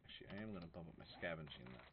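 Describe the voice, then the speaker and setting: A man's voice: low-pitched, lively intonation, rapid-fire, background noise. A man in his thirties chatting casually while playing a game on stream, thinking aloud and joking at himself. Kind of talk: casual gameplay commentary. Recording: dull lo-fi stream audio with faint music.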